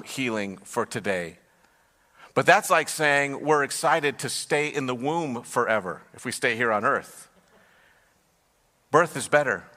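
A man's voice: mid-range voice, bright, forceful tone. A man, a pastor, preaching a sermon with storytelling that builds to emphatic passages. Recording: long hall reverb.

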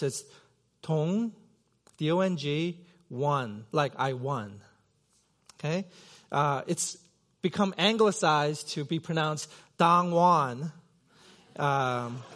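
A man's voice: sits high, a bit bright. A middle-aged man from Korea preaching a sermon as pastor, in a conversational, self-deprecating way with many fillers and restarts. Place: church sanctuary.

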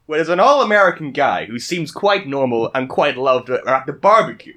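A man's voice: medium pitch, big pitch swings, brisk, sharp tone. A man co-hosting a casual book-discussion podcast, telling jokes dryly.

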